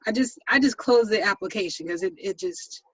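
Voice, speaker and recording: An interview host speaking casually, halting with many restarts and affirming "mm-hmm"s. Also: mid-range voice, fairly bright tone. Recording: dry, slightly dull lo-fi sound.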